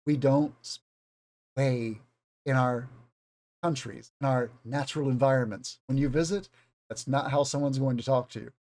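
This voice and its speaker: A man with a Southern US accent, teaching English off the cuff in a relaxed online video lesson. He speaks at a mid pitch and talks conversationally, rambling a little, with asides about his own habits. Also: normal speed. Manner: rambling, conversational, self-aware.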